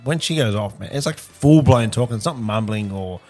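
A man's voice: fairly low pitch, expressive, brisk, warm tone, faint music behind. A young Australian man co-hosting a podcast, rambling casually with plenty of swearing and laughter. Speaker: podcast co-host. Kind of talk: casual chat.

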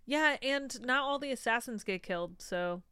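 A woman's voice: a little high, lively intonation, normal speed, pushed and bright, clean tone, no echo, studio quality. A woman co-hosting a podcast in casual chat, rattling off names with fillers. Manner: chatty, lists names with fillers. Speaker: podcast co-host.

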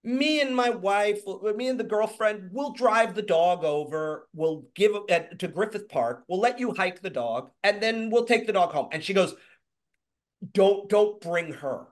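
A man with a fairly high voice spins a casual personal story. He is animated, slips into different voices for what others said, and swears freely. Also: moderate pace, few pauses. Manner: animated, acts out quotes in shifting voices. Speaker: guest telling a personal story.

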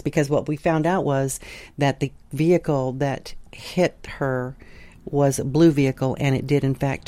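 Middle-aged woman from southern indiana telling old stories, mellow tone, dry close sound, halting and unhurried. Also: very deep voice, no echo. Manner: unhurried, halting, with pauses and restarts. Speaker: interviewee recounting her dreams. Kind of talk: reflective personal storytelling. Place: home sunroom.

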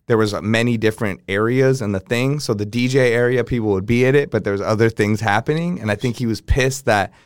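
A man's voice: mid-range voice, fast, few pauses, clear, resonant tone, dry recording, studio quality. A man, a DJ guest on a podcast, telling stories in casual chat, laid-back, swearing freely and acting out what people said.

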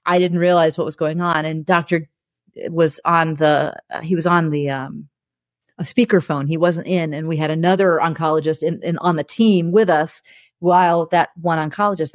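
A woman with a fairly low voice, speaking openly and with feeling as an interview guest. She recounts hard memories in a candid conversational way, breaking into laughter now and then. The sound is dry and close, with little room echo. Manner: frank and emotional, laughing through hard memories. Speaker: interview guest, television producer.

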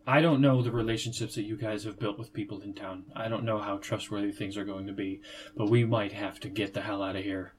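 Grieving fanged woman, halting speech, low tabletop voicing by a male game master. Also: steady tone, slight background noise, close to an everyday voice. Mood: anxious. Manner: halting, stammering. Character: grieving fanged young woman, betrayed and shaken.

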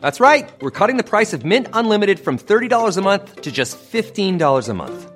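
A man reading a comic radio ad with a punchy, deadpan jokey delivery. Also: high voice, brisk, faint music behind. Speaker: ad spokesman.

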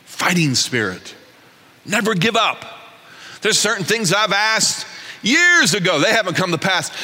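High-voiced preacher in a reverberant hall. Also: male voice. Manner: animated, folksy, self-joking preaching. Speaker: pastor. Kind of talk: sermon.

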